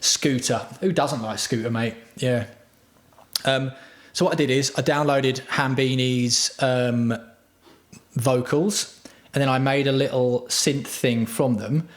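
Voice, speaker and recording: A man chatting on his livestream in a rambling, foul-mouthed, self-mocking way. His pitch is middling for a man. The sound echoes around a roomy home room. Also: steady tone, takes it slowly. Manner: profane, crude, self-mocking storytelling. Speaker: livestream host. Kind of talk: rambling casual livestream chat.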